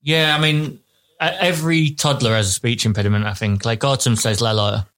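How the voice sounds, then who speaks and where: A man's voice: medium pitch, steady tone, brisk, a bit bright. An English man co-hosting a podcast, telling rambling anecdotes in casual chat and laughing along. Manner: rambling storyteller, laughs at his own tales. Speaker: podcast co-host.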